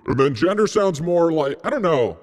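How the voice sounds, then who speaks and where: A man streaming live, talking in an excitable, rambling and joking way. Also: fairly high pitch, normal speed, dry recording, studio quality. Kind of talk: casual live-stream chat.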